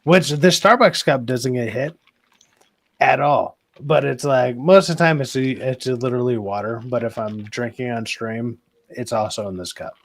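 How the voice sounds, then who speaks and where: A man's voice: medium pitch, normal speed. A man hosting a stream, chatting casually with guests, rambling, swearing freely and laughing often. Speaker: streamer host. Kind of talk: casual chat.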